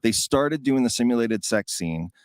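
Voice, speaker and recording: A man from Minnesota, a guest, telling a casual story with lively pacing. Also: medium pitch, moderate pace, no echo.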